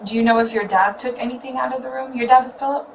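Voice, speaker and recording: A woman police investigator asking calm, brief questions in an interview. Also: high-pitched, quick pace. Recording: distant mic with loud noise.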